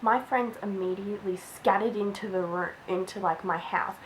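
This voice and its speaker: A woman's voice: medium pitch, steady tone, moderate pace, slight background noise, poor audio. Chatty young woman telling a story. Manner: chatty, lots of "like". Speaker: vlogger. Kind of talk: storytime vlog.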